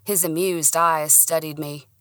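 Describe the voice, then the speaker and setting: Woman reading a first person audiobook, expressive, lowish voice but bright and sharp, dry close sound. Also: measured pace, no room sound. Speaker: audiobook narrator.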